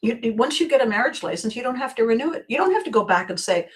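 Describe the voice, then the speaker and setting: A woman's voice: a little high, expressive, fast talker, few pauses. Musing woman hosting a self-help podcast. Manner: musing, circling back and repeating phrases; frequent throat clearing. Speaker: podcast host. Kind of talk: reflective self-help monologue.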